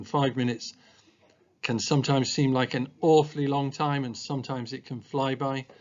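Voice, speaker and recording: A man talks through a training presentation in a measured, thoughtful way, often filling pauses with ums and uhs. His voice sits at an ordinary middle pitch, and the recording sounds a little dull and lo-fi. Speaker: special school staff trainer. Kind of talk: explanatory training talk.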